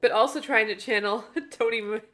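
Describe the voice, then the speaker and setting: A woman's voice: on the high side, fairly quick, a bit bright. Blunt, chatty woman co-host. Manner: blunt, chatty, fills with "like" and "you know". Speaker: podcast co-host. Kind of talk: casual movie-review chat.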